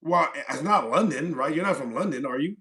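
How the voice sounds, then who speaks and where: Guy running a stream debate, kinda high voice, teasing and combative. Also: expressive, bright, forceful tone. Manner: teasing, combative, asks rapid questions. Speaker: stream host. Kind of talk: casual live-stream debate.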